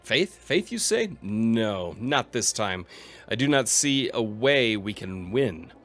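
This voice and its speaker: A man's voice: lowish voice, sing-song, takes it slowly, fairly bright tone, faint music behind, exaggerated voice. A man reading aloud the part of a worried Spartan husband in a solemn, dramatic way. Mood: despairing.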